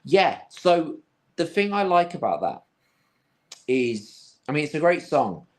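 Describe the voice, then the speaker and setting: A man's voice: fairly high pitch, very animated, measured pace. A man co-hosting a casual film podcast, rambling with many restarts and a dry sense of humour. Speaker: podcast co-host.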